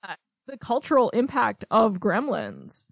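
A woman's voice: a little high, huge pitch swings, measured pace, vocal fry, dry recording. Chatty woman podcaster, dry close sound. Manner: chatty, frequent ums and laughs. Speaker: podcast co-host. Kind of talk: casual film podcast chat.

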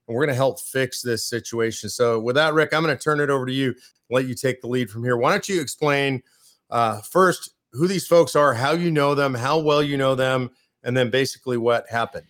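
A man's voice: medium pitch, fairly quick, a bit bright. A man hosting a talk show, speaking with indignant, emphatic urgency as he rallies viewers to act. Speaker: show host. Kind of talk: impassioned call to action.

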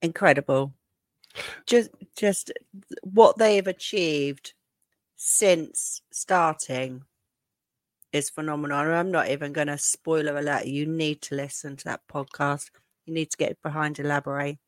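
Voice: mid-range voice, steady tone, a little slow, no room sound, studio quality. A podcast host from England in a casual chat, enthusiastic and emphatic.

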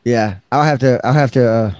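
A man's voice: mid-range voice, moderate pace, a little mellow, no room sound, clean studio sound. A man hosting a casual interview, asking eager conversational questions. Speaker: interview host.

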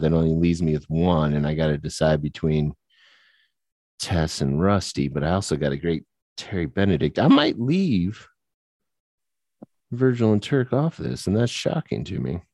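A man co-hosting a casual movie podcast, animated, laughing often and restarting his sentences. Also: extremely low pitch, moderate pace, no room sound, clean studio sound. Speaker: podcast co-host. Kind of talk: casual chat about movies.

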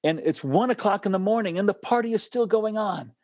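Male guest in casual chat, animated and laughing, lively delivery in a dry, close recording. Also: high voice, fairly quick, no room sound. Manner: animated, laughs often, restarts sentences.

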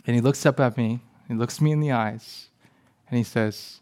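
A man in his thirties giving a sermon, telling a personal story and often dropping to a soft hush. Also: mid-range voice, moderate pace. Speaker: pastor.

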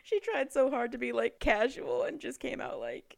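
A woman's voice: sits high, moderate pace, vocal fry, dry recording, clean studio sound. A woman chatting casually as a podcast co-host recapping a book, talking with lots of fillers and frequent laughs. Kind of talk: casual chat.

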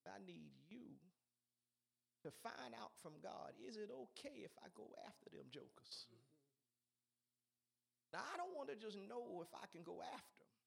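A preacher acting out a calm, confiding king. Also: on the high side, fast talker, pitched below the performer's own voice, close to an everyday voice. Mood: coaxing. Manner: soft, coaxing, street-casual.

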